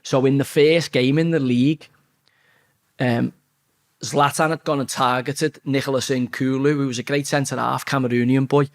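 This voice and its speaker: A man telling a blunt, sweary story as an interview guest, talking fast and animated. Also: medium pitch. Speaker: interview guest, former footballer.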